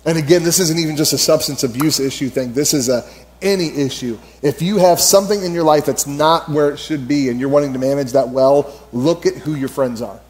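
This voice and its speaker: A man's voice: on the high side, fairly quick, a little mellow. A man in his thirties preaching a conversational sermon as pastor, telling stories and repeating key phrases for emphasis.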